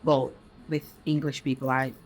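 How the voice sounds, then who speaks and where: A woman's voice: rumbling low, level tone, moderate pace, a little hiss or hum. A woman from Mexico answering interview questions in a chatty way, laughing between thoughts.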